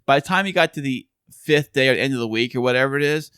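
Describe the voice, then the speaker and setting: A man's voice: mid-range voice, quick pace, fairly bright tone, smooth, no echo, studio quality. Easygoing rambling man co-host. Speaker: podcast co-host. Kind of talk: casual chat.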